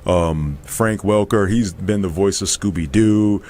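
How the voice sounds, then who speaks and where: Give me an easygoing man with a low voice talking shop as a guest. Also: dark tone. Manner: easygoing, drawn-out with fillers. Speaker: voice actor guest. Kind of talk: casual interview chat.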